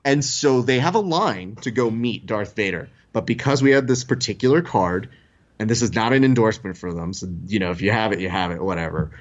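A young adult man hosting a podcast tells a story in casual chat, animatedly acting out the voices of the people in it. His voice is fairly low and brisk, and the recording sounds muffled.

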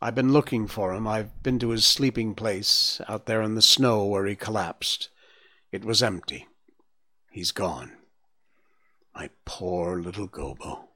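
A man voicing a weary, grieving mother deer in a storybook reading, speaking quietly and mournfully. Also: a little high, expressive, takes it slowly, voice pushed up.

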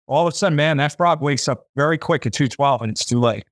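A man's voice: on the high side, quick pace, dry recording. A man hosting a podcast, giving an impassioned faith talk in a fervent, preachy way, repeating himself and voicing imagined listeners.

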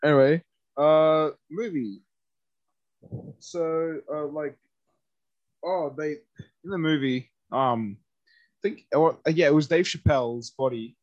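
Rambling, higher-voiced man in a dry podcast. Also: slow, pauses often, darkish tone, no room sound, lo-fi sound. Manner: rambling, hesitant, many fillers and restarts. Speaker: podcast co-host. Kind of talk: casual movie chat.

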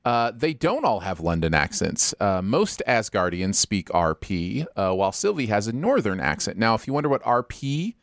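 A man's voice: fairly low pitch, normal speed, few pauses, no echo, clean studio sound. A man co-hosting a podcast, reading out listener comments in a casual, jokey way. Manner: lively, animated, jokey. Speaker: podcast co-host.

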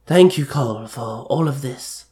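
A gentle old village chief speaks low and unhurried, as a man puts him on. It comes from a one-man fan audiobook. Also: expressive, lightly acted. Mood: grateful. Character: grateful elderly village chief, male.

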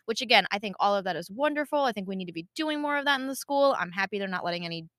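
Bright-voiced woman telling a story. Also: mid-range voice, racing, no echo, clean studio sound. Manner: animated storytelling, acting out quotes. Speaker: podcast co-host. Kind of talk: casual chat.

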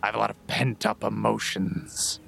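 A man's voice: on the low side, level tone, moderate pace, vocal fry, fairly bright tone, faint music behind. A man playing a tabletop game in character, blunt and joking. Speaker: player.

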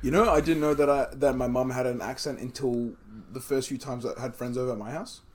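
A man's voice: mid-range voice, fairly even intonation, a little fast. A man with a light Australian accent, co-hosting a podcast in casual, rambling chat, swearing freely and laughing often. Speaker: podcast co-host.

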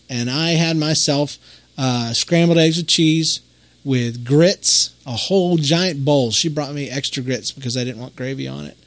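A man's voice: a little high, no room sound. Folksy rambling man, dry close mic. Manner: rambling, folksy, with lots of fillers and restarts. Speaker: podcast host. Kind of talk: casual storytelling monologue.

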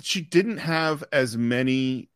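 A man's voice: mid-range voice, animated, slow pace, a bit bright, clear, resonant tone, no room sound, studio quality. A man co-hosting a live film podcast, chatting casually and often restarting his sentences. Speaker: podcast co-host.

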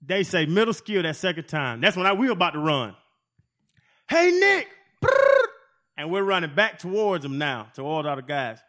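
A man in his forties, a former football player, telling profane, animated stories as a podcast guest. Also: on the high side, a little fast, few pauses. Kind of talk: casual storytelling.

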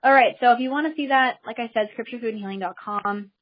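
A woman's voice: on the high side, fast talker, husky, highs cut off. A woman hosting her first teleseminar, talking in an enthusiastic, chatty way to listeners on the call. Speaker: host of a teleseminar. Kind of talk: casual talk to listeners on a call.

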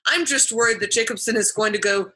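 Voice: mid-range voice, fast talker, pushed and bright. A performer improvising a comedy scene as a worried subordinate who politely raises concerns with the boss.

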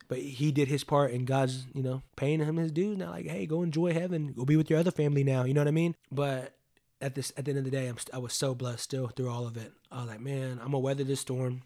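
A man's voice: medium pitch, fairly even intonation, quick pace, mellow. A man in his late twenties telling a personal story in a casual, rambling way, leaning on "like" and swearing freely. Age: 20s.

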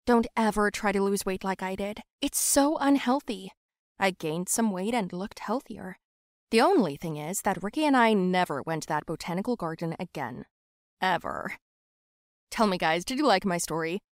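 A young woman telling a first-person story in a lively, confessional way. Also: medium pitch, moderate pace, no echo, studio quality. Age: young adult.

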